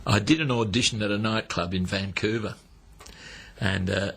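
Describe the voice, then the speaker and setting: Australian male storyteller for an interview, low gravelly voice, acts out the people in his stories. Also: normal speed, a crowd in the background. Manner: lively storyteller who acts out the people he quotes. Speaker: entertainer interviewee.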